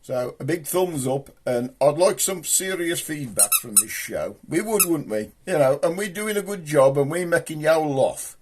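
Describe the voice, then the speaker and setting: A man's voice: on the high side, animated, moderate pace, hardly any pauses, a little mellow. A man with a Black Country accent hosting a homemade comedy show, rambling and joking in thick dialect. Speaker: puppet comedy show host. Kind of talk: rambling comic chat to viewers.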